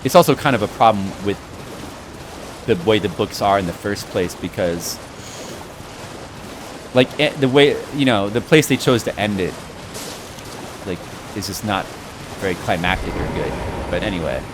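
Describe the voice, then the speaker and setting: A man chatting loosely while he plays a game, his pitch swinging widely as he rambles and mocks scenes he dislikes. Steady background noise sits under his voice throughout. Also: normal speed, long pauses. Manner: rambling, animated, mocking movie scenes. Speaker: streamer playing a game. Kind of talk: casual chat while gaming. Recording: noisy background.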